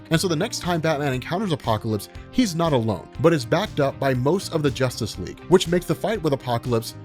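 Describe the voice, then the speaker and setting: A man's voice: a little high, darkish tone. A man casually narrating a comic story recap in a chatty, self-mocking way. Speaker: comics explainer.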